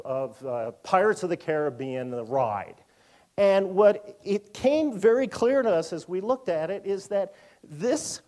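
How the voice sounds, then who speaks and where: A man in his fifties giving a public lecture in a museum auditorium, animated and full of joking asides. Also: fairly high pitch. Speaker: university lecturer.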